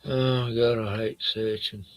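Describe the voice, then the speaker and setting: A man's voice: mid-range voice, fairly even intonation, takes it slowly, noisy background. An Australian man chatting casually and rambling while he searches online, trailing off mid-sentence and swearing now and then.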